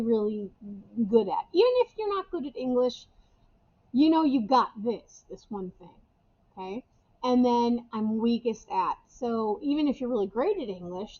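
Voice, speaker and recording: A woman teacher talks through an assignment for her remote class in a relaxed, chatty way and repeats the key points. Her voice sits a little high, and the camera recording sounds slightly dull and lo-fi. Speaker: English teacher. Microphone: webcam or camera microphone.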